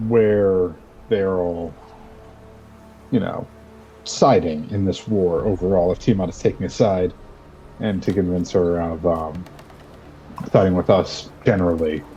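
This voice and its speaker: A man's voice: sits low, measured pace, pauses often, dark tone, dull audio, slight background noise. A man playing in a tabletop game, chatting in a laid-back, joking way. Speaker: player. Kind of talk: casual chat in a tabletop game.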